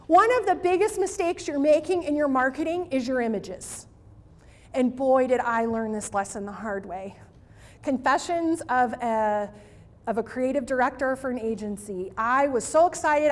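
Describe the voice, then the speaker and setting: A woman speaker giving a lively marketing keynote to a live audience, emphatic and pleading at times. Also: high voice, moderate pace. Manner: animated, emphatic, pleading asides. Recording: reverberant hall.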